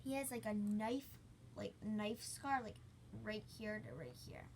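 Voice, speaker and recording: Slow-talking woman telling a story. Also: mid-range voice, slight background noise. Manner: rambling, heavy use of "like". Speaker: storytime channel host. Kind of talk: casual storytime.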